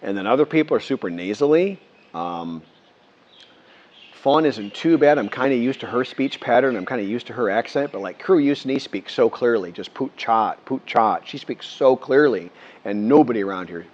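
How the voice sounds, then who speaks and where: An older man from the United States talking casually to camera, rambling with many restarts and lively quoted voices. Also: medium pitch, moderate pace. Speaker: vlogger. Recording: muffled lo-fi sound.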